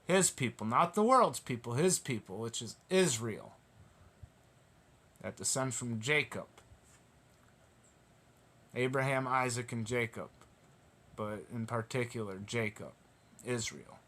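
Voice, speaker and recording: Male preacher, passionate and emphatic, slow deliberate scripture reading, mid-pitched voice. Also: fairly bright tone. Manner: passionate, stirred up. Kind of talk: Bible study sermon.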